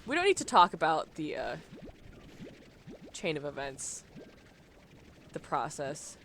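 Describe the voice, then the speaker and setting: Taking it slowly, a young adult woman with a deep, slightly bright voice and wildly swooping pitch chats and rambles while gaming on a live stream, laughing often. A little hiss or hum sits under the audio.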